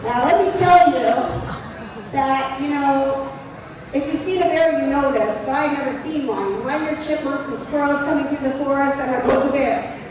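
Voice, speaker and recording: High-voiced woman storyteller in echoey hall. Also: moderate pace, a crowd in the background. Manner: animated, chatty, lots of "like" and "you know". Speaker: presenter at an outdoor show. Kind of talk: comic storytelling to a live audience. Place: large exhibition hall. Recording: echoey hall from far off, noisy background.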